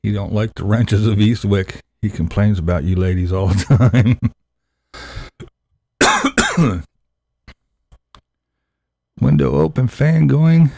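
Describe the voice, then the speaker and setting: A man's voice: lowish voice, slow, vocal fry, long pauses, dark tone, dry recording. A man hosting a laid-back, crude morning live stream chat, talking to viewers in the chat.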